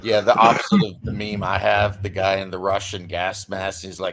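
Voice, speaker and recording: A man hosting a casual online chat, telling stories in an animated, ranting way. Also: low voice, normal speed, creaky, slight background noise. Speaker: host.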